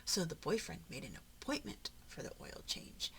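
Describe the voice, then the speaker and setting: Chatty low-voiced woman vlogging. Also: wildly swooping pitch, moderate pace, a little hiss or hum. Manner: rambling, talkative, with frequent soft murmured asides. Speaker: papercraft vlogger. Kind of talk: casual chatty narration during a journal flip-through.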